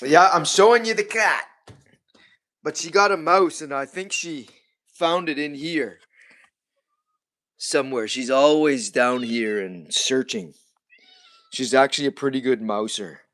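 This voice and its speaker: A man's voice: medium pitch, unhurried, long pauses, a bit bright. A man hosting a casual livestream from his home kitchen, rambling chattily and talking to his pets along the way. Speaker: livestream host.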